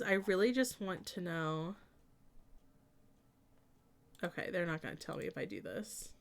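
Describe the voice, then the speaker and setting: Young woman streamer, casual chat while building, giggly, excitable, mid-range voice, keyboard clicks behind. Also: mid-range voice, creaky. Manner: chatty, giggly, bursts of excitement.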